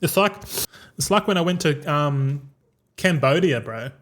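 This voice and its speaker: A man's voice: fairly high pitch, animated, measured pace, fairly bright tone. A man in his thirties with an Australian accent, rambling and swearing through casual livestream chat and calling his viewers bro. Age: 30s. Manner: rambling and profane, keeps saying bro. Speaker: gaming streamer.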